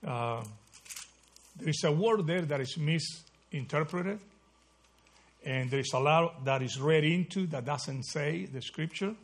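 A man with a slightly husky, somewhat high voice leads a Bible study. He asks his group question after question and keeps checking in with "right?" as he walks them through the verses. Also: unhurried. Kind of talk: interactive Bible study teaching.

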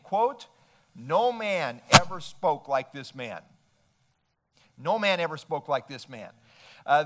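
Male pastor, higher register, measured expository sermon delivery. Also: a bit bright. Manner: measured, expository preaching with verse citations.

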